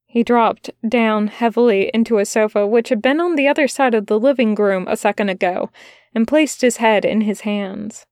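A woman reading fan fiction aloud as a podfic, narrating calmly and softly. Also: fairly high pitch, moderate pace, no echo, studio quality. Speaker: podfic reader.

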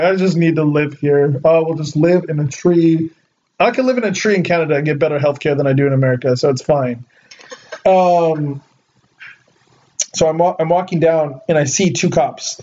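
A young man from Southern California telling a story in casual chat, animated, laughing often and saying "like" a lot. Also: on the high side, dull audio.

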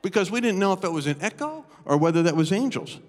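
Animated male preacher in an echoing hall. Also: high-pitched, fast. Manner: animated, acts out quoted dialogue. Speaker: guest preacher. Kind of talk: storytelling sermon. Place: church auditorium, live. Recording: long reverb of a church hall.

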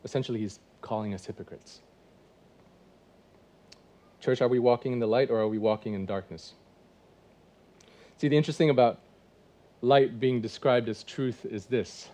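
Pastor in his 40s, mellow warm tone, chatty sermon delivery with questions to the congregation. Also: mid-range voice, moderate pace, long pauses. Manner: conversational preaching with rhetorical questions. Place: church.

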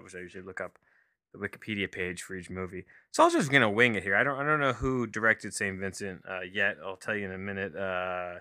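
A man's voice: fairly low pitch, pushed and bright, smooth, no room sound. A man reviewing a movie from his home office, rambling and self-deprecating, with many fillers and restarts.

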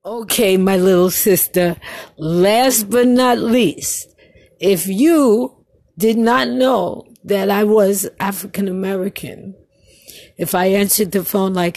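A woman from Brooklyn leaving a casual voice message, telling an animated family story and laughing often. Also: mid-range voice, takes it slowly, no echo. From Brooklyn, New York.

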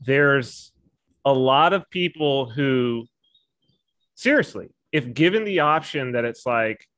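A man's voice: medium pitch, lively intonation, takes it slowly, a bit bright, no echo. A man co-hosting a podcast, speaking earnestly in long winding sentences. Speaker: podcast co-host. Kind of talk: conversational discussion.

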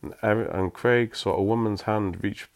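Deep-voiced man reading a story. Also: fairly even intonation, moderate pace, creaky. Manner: wry, self-mocking asides. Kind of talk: reading a story aloud with asides.

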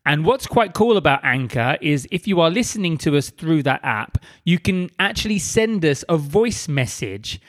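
A man co-hosting a casual book club podcast, chatty and quick to laugh. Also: fairly high pitch, big pitch swings, fairly bright tone. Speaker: podcast co-host.

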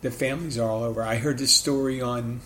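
A man with a mid-Atlantic accent carrying hints of Philadelphia, speaking at a middling pitch in a loose, rambling monologue. He thinks aloud and restarts his sentences often. A faint hiss of noise sits behind him. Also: fairly even intonation, quick pace, a bit bright. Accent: mid-Atlantic American with Philadelphia touches. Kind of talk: casual monologue.

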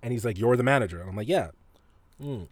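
A man's voice: medium pitch, animated, fast, no room sound. A man hosting a podcast, telling a story in a casual, profane way and laughing often. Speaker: podcast host.

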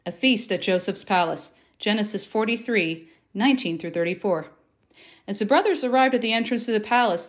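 Woman reading scripture aloud. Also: medium pitch. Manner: expressive reading, lifting her voice for quoted speech. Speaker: Bible reader.

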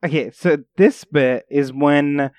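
A man's voice: on the high side, slow, darkish tone, no echo. A young man co-hosting a casual film chat, rambling and hesitant as he recaps scenes. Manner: rambling, hesitant, lots of fillers. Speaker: podcast co-host.

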